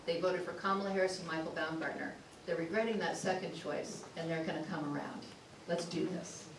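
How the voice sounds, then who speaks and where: A woman running for office gives a confident campaign closing statement and calls herself a policy wonk. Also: lowish voice. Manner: confident, brisk and data-minded. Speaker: political candidate. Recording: echoey hall, distant mic, noisy.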